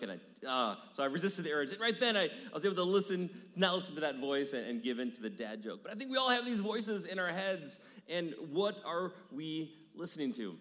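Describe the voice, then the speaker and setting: A man in his thirties preaching a sermon in a church, energetic, repeating key phrases and dropping into hushed asides. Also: on the high side, fast, hardly any pauses. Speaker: pastor. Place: church sanctuary. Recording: long hall reverb.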